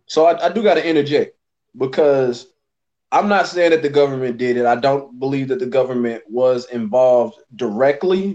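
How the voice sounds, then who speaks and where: Man, podcast co-host, mellow dark tone, earnest and argumentative, lo-fi sound. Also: medium pitch. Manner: earnest, argumentative, streetwise slang. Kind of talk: casual chat.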